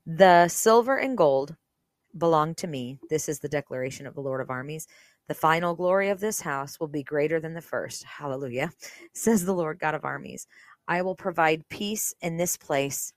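A woman's voice: deep voice, normal speed, dry recording. A woman hosting a Bible reading podcast, reading scripture aloud and stopping to comment in an earnest, conversational way full of fillers. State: briefly emotional.

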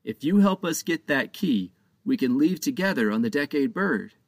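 A man voicing a worried male pirate captain who talks in hushed, urgent tones. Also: on the high side, expressive, normal speed, dry recording, studio quality, voice pushed up. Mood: persuasive.

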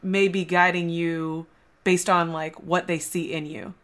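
A woman host talks in an easy, affirming way, building on her guest's points. Her voice sits slightly low. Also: flat delivery, a little slow, fairly bright tone. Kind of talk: casual interview talk.

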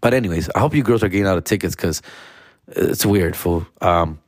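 A man telling comic stories in a loose, profane, slang-filled way, slipping into animated voices. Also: low-pitched, brisk, dry recording, studio quality. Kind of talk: casual comedic storytelling.

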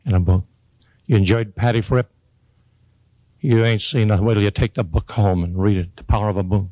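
A man's voice: lowish voice, fairly even intonation, fairly quick, long pauses, mellow, no echo, low-quality recording. Folksy older man preaching motivation. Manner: folksy, joking, emphatic preaching delivery. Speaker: motivational speaker. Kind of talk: motivational speech to a live audience.

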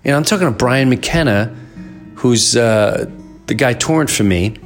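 A middle-aged man hosts a podcast, delivering an impassioned, preachy solo monologue full of emphatic swings. His voice is medium-pitched at normal speed, with faint music in the background.

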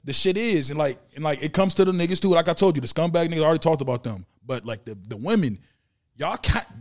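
Male podcast host, fairly high voice, profane, emphatic, repetitive. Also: lively intonation, fast talker. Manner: emphatic, profane, repeats words. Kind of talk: casual chat.

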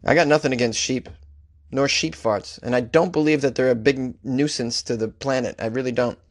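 A man's voice: mid-range voice, fairly even intonation, moderate pace. A man who hosts a comedy news podcast, reading odd stories and ranting about them with sarcastic mock outrage. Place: Los Angeles.

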